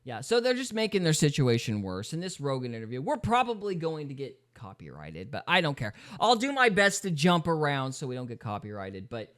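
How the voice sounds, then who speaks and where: A man's voice: fairly quick, few pauses. A man hosting a podcast, giving casual, sarcastic reaction commentary with big swings of emphasis. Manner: animated, sarcastic, swings pitch widely for emphasis. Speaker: podcast host.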